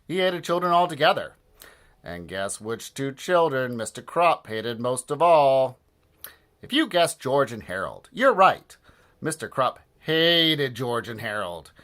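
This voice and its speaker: A man reading a children's book aloud in a playful, animated way and doing voices for the characters. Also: mid-range voice. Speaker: storybook reader.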